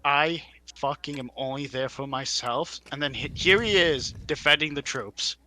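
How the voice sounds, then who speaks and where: A man co-hosting a casual podcast, riffing in an animated way with profanity and mocking impressions. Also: a little high, moderate pace. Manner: animated, profane, riffs with mocking put-on quotes. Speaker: podcast co-host. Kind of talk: casual chat.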